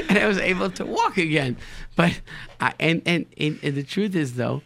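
A man's voice: a little high, sing-song, moderate pace, creaky, a bit bright, a little hiss or hum. A man telling casual anecdotes animatedly, often repeating words as he finds his phrasing. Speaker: storyteller, show guest.

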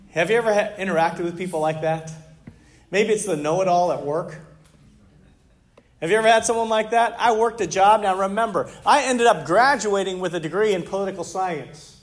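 With a high voice, a middle-aged man preaches to his congregation as their pastor, keeping it conversational and lively and filling the sermon with rhetorical questions.

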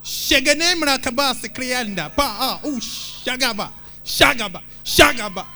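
A man playing a fervent worshiper who prays loudly in rapid, babbling syllables. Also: extremely high pitch, lively intonation, pitched above the performer's own voice, full character voice. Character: fervent man praying loudly in wild tongues.

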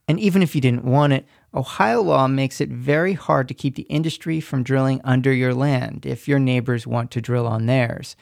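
Gravelly male radio reporter. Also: mid-range voice, a little mellow, no echo, clean studio sound. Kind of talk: scripted news narration.

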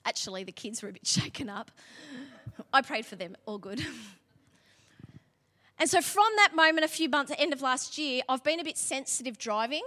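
Aussie woman pastor preaching, high bright voice, chatty then fired up, big echoey hall. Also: lively intonation, moderate pace, long pauses. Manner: conversational, laughing asides, building to emphatic preaching. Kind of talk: sermon with personal story. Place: church hall. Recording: long hall reverb.

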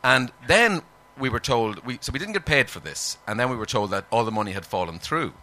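A man being interviewed about his acting work, mid-pitched with a very bright, sharp timbre. He rambles in a dry, deadpan way, stumbling over fillers and restarts as he tells his stories. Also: a little fast, a little hiss or hum. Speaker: actor, interview guest. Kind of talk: casual interview chat.

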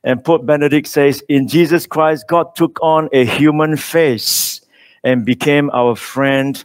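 A man preaching a sermon, reading scripture slowly and with emphasis, with small slips in his phrasing. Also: a little high.

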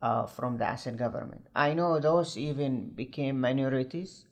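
A male political commentator in a news discussion, earnest and halting as he searches for words. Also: medium pitch.

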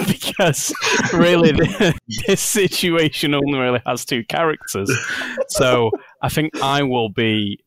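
A man's voice: mid-range voice, clear, resonant tone, no room sound. A man hosting a podcast, joking and setting up scenes in casual chat.

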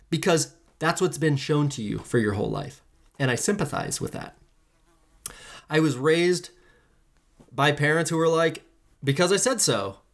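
A podcast host delivering an impassioned solo monologue, emphatic and preachy. The host repeats phrases for effect, swears casually, and swings widely in pitch and pace between lines.

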